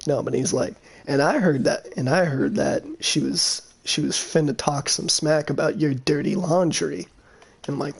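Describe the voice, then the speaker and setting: A man's voice: fairly high pitch, normal speed, vocal fry, husky. A young man in casual voice chat, telling a crude story with lots of laughing.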